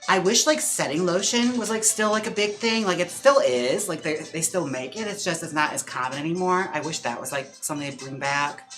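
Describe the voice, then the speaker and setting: A man hosting a livestream in casual chat, talking with lots of fillers and quick laughs. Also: a little high, a bit bright, soft background music. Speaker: live-stream host. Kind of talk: casual chat during a wig-styling livestream.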